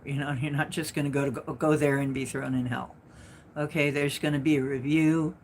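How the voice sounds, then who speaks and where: A woman's voice: sits low, flat delivery, a little fast, slight background noise. A woman hosting a live stream, chatting casually with her viewers and telling a rambling personal story full of restarts and asides. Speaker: livestream host and spiritual speaker.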